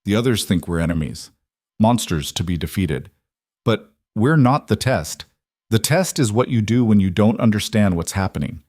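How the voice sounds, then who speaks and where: A man voicing a calm, cryptic female water creature in an audio storybook. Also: fairly low pitch, normal speed, dry recording, clean studio sound.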